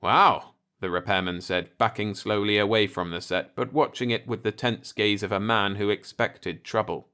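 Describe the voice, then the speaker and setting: A man reading a short science fiction story aloud in a calm, measured audiobook narration. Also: fairly low pitch, clean tone.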